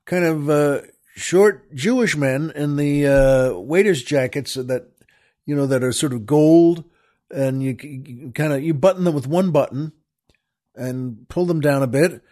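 A man hosting a radio show, telling a long rambling story straight to his listeners and often pausing and restarting mid-sentence. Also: on the high side, animated, darkish tone. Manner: rambling, digressive, with frequent pauses and restarts; addresses listeners directly. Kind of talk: storytelling monologue.

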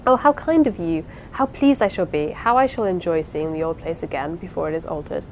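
A woman reading the part of a lively, affectionate young wife in an audiobook, eager and playful. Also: on the low side, fairly quick, a little hiss or hum, lightly acted, poor audio. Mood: gushing.

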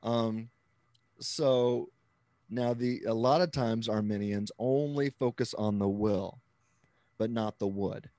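A man's voice: fairly low pitch, slow pace, mellow, no room sound. A man who is a Christian author and apologist, explaining ideas step by step as an interview guest and often checking in with "right?". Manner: explanatory, checks in with frequent "right?", steps through ideas with restarts. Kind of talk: conversational interview, explaining theology.

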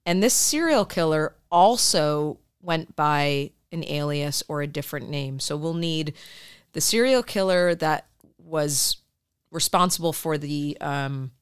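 Brief: low, smooth-voiced woman, podcast co-host, chatty and rambling. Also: expressive, measured pace. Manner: chatty, rambling with many fillers and restarts. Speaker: therapist. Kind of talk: casual chat.

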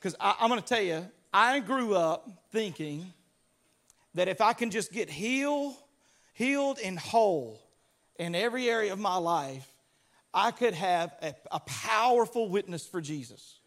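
High-voiced, fired-up male preacher. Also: unhurried. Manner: energetic preaching with acted-out quotes and rising shouts. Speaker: pastor. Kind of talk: sermon.

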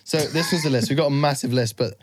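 A man's voice: medium pitch, fast, no echo, studio quality. A man from England co-hosting a casual podcast chat, often laughing and slipping into silly voices when quoting people. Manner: chatty, laughing, puts on silly voices for quotes. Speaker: podcast co-host.

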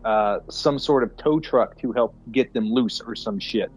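A man's voice: mid-range voice, measured pace, husky, poor audio. Wry man recapping a movie plot. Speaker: podcast co-host. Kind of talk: casual chat.

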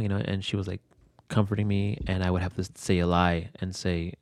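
A man's voice: low voice, flat delivery, moderate pace, no echo, clean studio sound. A young man telling a personal story in an interview. He rambles, leans on fillers and swears freely. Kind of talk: candid conversational storytelling.

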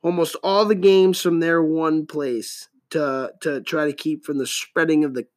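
A man's voice: on the high side, fairly even intonation, measured pace. A man in his thirties hosting a solo podcast, rambling casually with lots of profanity and jokes. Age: 30s. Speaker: podcast host.

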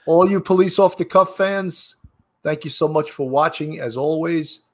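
A man's voice: fairly high pitch, moderate pace. A man hosting a podcast, chatty and upbeat, often laughing as he thanks his guest. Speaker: podcast host. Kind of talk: casual podcast chat.

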